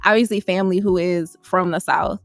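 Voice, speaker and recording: A woman's voice: on the low side, steady tone, fairly quick, no room sound. Casual woman host asking questions. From Michigan. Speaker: podcast host. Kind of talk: interview questions.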